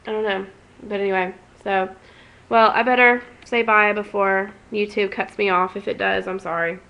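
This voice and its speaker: A woman's voice: mid-range voice, steady tone, moderate pace, creaky, a bit bright, poor audio. A young woman vlogging at home, talking emotionally and rambling with many restarts. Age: young adult. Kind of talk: casual emotional vlog.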